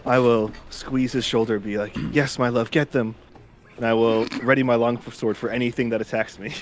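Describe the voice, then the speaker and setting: A man's voice: mid-range voice, level tone, brisk. Playful man at the table. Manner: playful, giggly. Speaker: player. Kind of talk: casual tabletop play.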